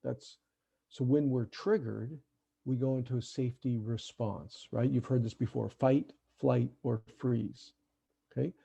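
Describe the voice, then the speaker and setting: Guy running a parent workshop on a video call, kinda husky and raspy, keeps saying right?. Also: medium pitch, fairly even intonation, unhurried, mellow. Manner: conversational, checks in often with "right?". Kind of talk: online parent workshop talk. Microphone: computer mic on a video call.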